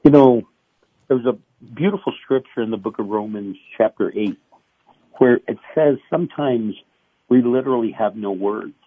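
A middle-aged male pastor being interviewed, preaching with animated acted-out voices. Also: medium pitch, moderate pace, breathy edge, dry recording. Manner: animated, acts out voices and cries. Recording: tinny phone line.

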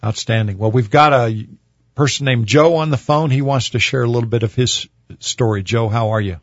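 A man's voice: mid-range voice, moderate pace, no echo, dull audio. A man hosting a faith-based radio call-in show, speaking earnestly and with emphasis.

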